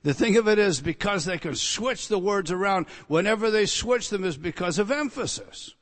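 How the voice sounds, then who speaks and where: Impassioned preacher with a high, ringing voice. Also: male voice, lively intonation, moderate pace, big-room sound. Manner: swings from loud emphatic declarations to hushed, intense near-whispers; direct address to listeners, rhetorical questions. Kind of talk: expository sermon.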